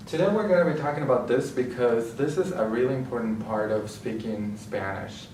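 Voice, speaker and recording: A man's voice: medium pitch, a little fast, darkish tone, distant mic, slight background noise. A man explaining a language lesson in a plain, patient teaching style, often restarting his phrases. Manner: explanatory, repeats himself with small restarts. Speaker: Spanish teacher. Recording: echoey room, voice from off mic.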